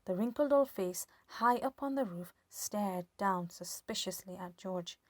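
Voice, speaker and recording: A woman's voice: medium pitch, unhurried, dry recording. Woman reading a children's book aloud. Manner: lively expressive storytelling. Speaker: storybook reader.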